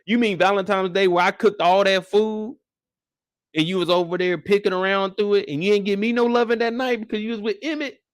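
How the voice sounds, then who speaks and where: A young man giving a casual live recap of a TV episode, talking in animated, slangy, profane banter. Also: high voice, brisk, smooth, no room sound, studio quality. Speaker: show recap host.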